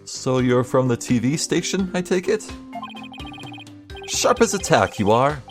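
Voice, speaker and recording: A man voicing a brash, sleazy middle-aged TV producer with fast showbiz patter. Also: mid-range voice, animated, music in the background. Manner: fast-talking showbiz patter, drawn-out taunts.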